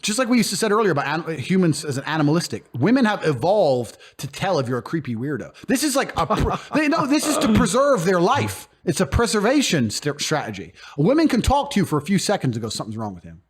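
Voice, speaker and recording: A man's voice: high-pitched, big pitch swings, quick pace, few pauses, slightly rough. A man speaking bluntly and emphatically as a guest in a casual interview, swearing freely and often acting out other people's voices. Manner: acts out quoted speech in put-on voices. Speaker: podcast guest.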